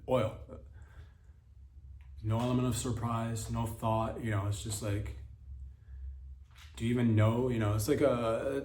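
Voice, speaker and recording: Podcast guy rambling and swearing, squeaky excited asides, echoey room. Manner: rambling, profane, jumps into excited high-pitched asides. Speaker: podcast host. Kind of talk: rambling comedic monologue. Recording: roomy echoey sound.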